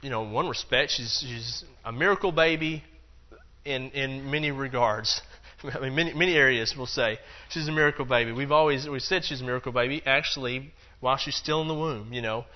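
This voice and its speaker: A man's voice: medium pitch, brisk, lo-fi sound. A man teaching a Bible lesson in a loose, conversational way, acting out the quotes and dropping in plenty of fillers. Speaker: preacher.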